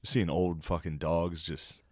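Man, podcast co-host, deep voice, crude, laughing, acts out others, dry sound. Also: little pitch movement, takes it slowly, no room sound. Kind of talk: casual chat.

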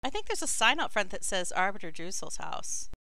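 A woman narrates a tabletop fantasy game as its dungeon master. Her voice is bright and crisp. She talks in a chatty, descriptive way with plenty of fillers, and the sound is close and dry. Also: mid-range voice, big pitch swings, normal speed, dry recording, poor audio.

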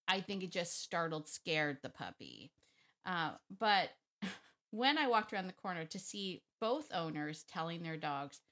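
A woman's voice: mid-range voice, pushed and bright. Chatty woman dog trainer. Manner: chatty, restarts and self-corrections, laughs often. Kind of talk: casual talk to camera.

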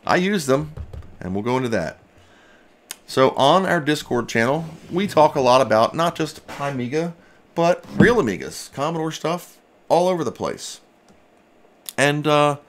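A man chats through a casual livestream from his home workshop. His voice moves around a lot in pitch as he reacts to each package. He sounds excitable and loose, with the occasional mild swear. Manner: excitable, chatty, swears mildly. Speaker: retro computer restoration channel host. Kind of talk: casual livestream mail-opening chat.

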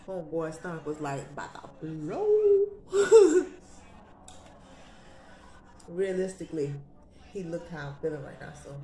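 A woman's voice: deep voice, mellow, echoey room, slight background noise. A young woman vlogging in casual, sassy, slang-heavy chat.

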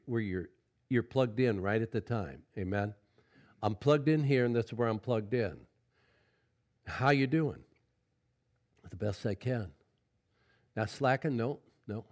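Man, middle-aged, pastor, sermon, folksy, loud exclamations and hushed asides, calls out "Amen?". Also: on the low side. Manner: folksy preaching with frequent "Amen?" call-outs; swings from loud exclamations to quiet, intimate asides.

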